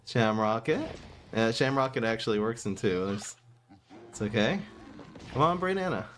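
A man giving casual commentary as he plays a card game, swinging between low muttering and exasperated outbursts. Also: expressive, moderate pace. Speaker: gaming streamer.

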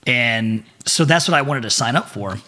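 A middle-aged man, a podcast guest, telling animated stories with a lot of swearing. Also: mid-range voice, normal speed. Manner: profane and animated. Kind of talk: casual storytelling.

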